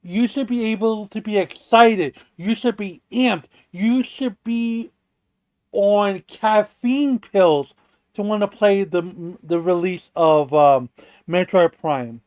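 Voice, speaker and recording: A man's voice: high-pitched, takes it slowly, a little mellow, no echo. A man co-hosting a livestream in casual chat, rambling with restarts and swearing while he builds his point. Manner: rambling, restarts and profane rants. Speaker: stream co-host.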